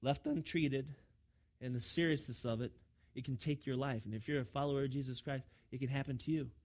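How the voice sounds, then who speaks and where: A man's voice: mid-range voice, steady tone, brisk, darkish tone. A man preaching a sermon as pastor, emphatic, often repeating his words as he drives a point home.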